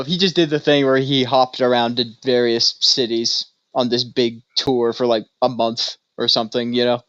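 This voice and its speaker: A man's voice: mid-range voice, clean tone, no room sound, muffled recording. A young man co-hosting a podcast in casual chat, telling rambling stories full of fillers. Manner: rambling storyteller, many fillers. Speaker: podcast co-host.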